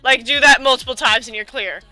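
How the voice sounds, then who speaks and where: A woman's voice: high-pitched, fairly quick, pushed and bright, no room sound, faint music behind, low-quality recording. A young woman in casual chat, rambling through a story with lots of "like", swearing freely and acting out what others said. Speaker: co-host.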